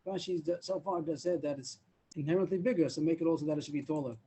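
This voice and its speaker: A man's voice: fairly high pitch, fast talker, warm tone, husky, low-quality recording. A man teaching a daily Talmud class over a video call, explaining step by step and mixing in Hebrew and Aramaic terms.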